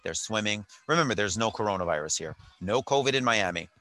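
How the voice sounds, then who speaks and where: A man's voice: lowish voice, expressive, fairly quick, fairly bright tone. A man telling a rambling story in casual chat, with wry jokes, from a hotel while on vacation. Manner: chatty, rambling, wry asides.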